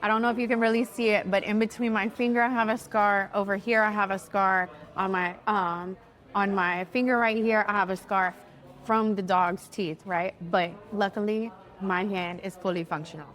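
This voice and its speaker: A woman in her thirties chatting casually to camera as she tells a travel story, animated and lively, acting out what people said. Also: medium pitch, moderate pace. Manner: animated, chatty, acts out quotes. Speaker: travel vlogger.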